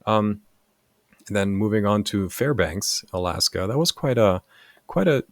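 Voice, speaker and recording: A native German speaker from Germany in his forties, this low-voiced man appears as a podcast guest telling stories in casual chat. He's lively, speaks at normal speed, and keeps tagging sentences with "right?". The recording is close and dry, with no room sound.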